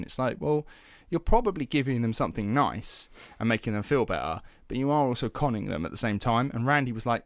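A young man hosting a podcast, telling a story in an animated, casual way, swearing freely and using lots of fillers. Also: medium pitch, a little fast, hardly any pauses, no room sound, studio quality. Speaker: podcast host.

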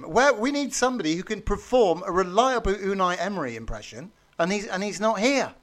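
A man on a football podcast panel, full of teasing banter and animated jabs at the host. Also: sits high, moderate pace. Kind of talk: casual football podcast chat.

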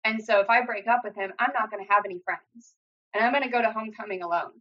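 A young adult woman telling a painful personal story in an earnest, halting way, acting out what others said. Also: medium pitch. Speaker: guest sharing personal story. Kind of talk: emotional personal account. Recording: dull lo-fi sound.

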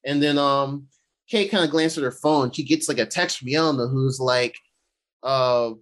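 In a casual podcast, a male co-host breaks down an episode with plenty of profanity. Animated and excitable, he swings his pitch widely while mixing his own commentary with short acted-out lines from the characters.

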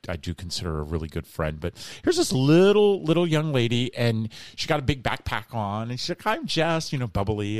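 There's no echo on this lowish male voice: a middle-aged guest in a relaxed interview, animatedly recounting a story and performing the voices of those he quotes.

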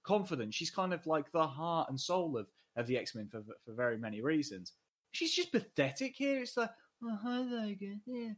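A man's voice: a little high, big pitch swings, normal speed. A man co-hosting a casual film podcast, blunt and sweary with strong opinions. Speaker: podcast co-host.

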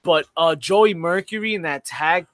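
A man co-hosting a casual podcast, excitable and slangy. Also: on the high side, normal speed, dry recording, studio quality. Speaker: podcast co-host. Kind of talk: casual chat.

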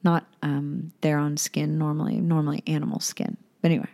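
A woman's voice: sits low, little pitch movement, fairly quick, dark tone. A young woman casually retelling a myth, irreverent and chatty, with swearing and asides. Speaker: storyteller.

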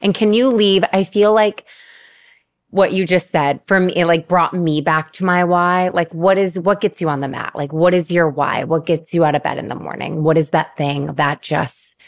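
A woman's voice: fairly low pitch, fairly even intonation, normal speed, dry recording. A woman hosting a casual podcast interview, enthusiastic and gushing about her guest. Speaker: podcast host.

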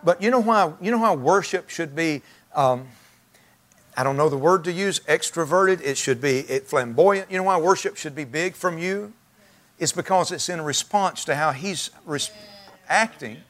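A man's voice: a little high, normal speed, a bit bright. A man preaching a sermon to his church, talking in a conversational, folksy way with frequent restarts. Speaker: pastor.

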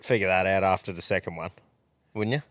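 A man's voice: low voice, quick pace, a bit bright, no echo. An Australian man co-hosting a podcast, chatting in a sweary, laid-back way. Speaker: podcast co-host. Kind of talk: casual chat.

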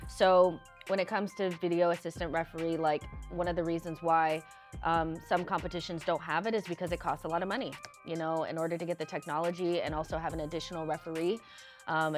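A woman co-hosting a soccer podcast, talking casually with fillers and restarts. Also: fairly low pitch. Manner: rambling, many fillers and restarts. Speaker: podcast co-host. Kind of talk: casual opinion chat.

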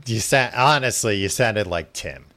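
A man's voice: lowish voice, lively intonation, a little slow, bright, forceful tone. A man co-hosting a podcast, dry and teasing, laughing often in casual comedic chat. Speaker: podcast co-host.

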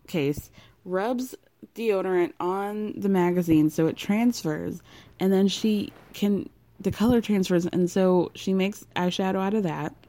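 A woman's voice: medium pitch, a little slow, warm tone, no echo. A woman hosting a casual recap, talking frankly, swearing freely and leaning on fillers. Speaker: podcast host recapping a reality show.

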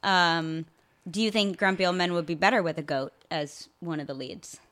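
A woman's voice: on the low side, moderate pace, fairly bright tone. A young woman co-hosting a casual podcast chat about a film, talking loosely with lots of filler words. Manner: chatty, many "like" fillers, quotes song lyrics. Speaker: podcast co-host.

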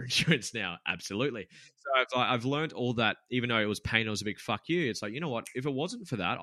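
A man's voice: fairly low pitch, pushed and bright, dry recording, clean studio sound. A man, a podcast guest telling a business story in a candid, rambling way, swearing freely and using lots of fillers. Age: 20s.

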